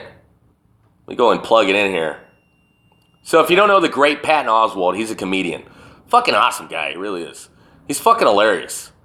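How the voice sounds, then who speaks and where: A man's voice: medium pitch, bright, forceful tone. A man hosting a solo podcast, talking in a rambling, profane and emphatic way. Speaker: podcast host. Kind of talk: casual solo podcast rant.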